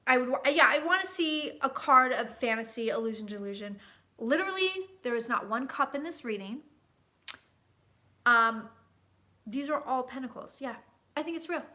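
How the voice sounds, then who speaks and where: A tipsy woman in her thirties reading tarot, chatting loudly and swearing as she tells stories. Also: sits high, normal speed. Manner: loud, sweary, excitable storyteller. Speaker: tarot reader and host. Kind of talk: casual tipsy chat.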